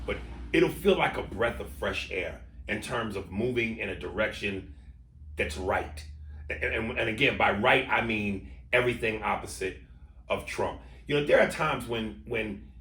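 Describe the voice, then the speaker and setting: A man's voice: on the low side, lively intonation, unhurried, a bit bright, recorded from a distance. A man co-hosting a podcast, arguing politics with passion, swearing and stumbling over restarts. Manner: impassioned, swearing, stammering restarts. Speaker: podcast co-host. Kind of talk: heated political debate chat. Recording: roomy echo.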